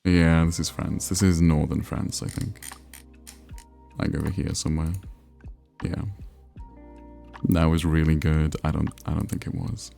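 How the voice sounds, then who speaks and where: Deep creaky guy rambling to his stream chat, kinda self-deprecating, faint music behind. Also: level tone, measured pace, long pauses, dark tone. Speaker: livestreamer. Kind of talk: casual livestream chat while playing a geography game.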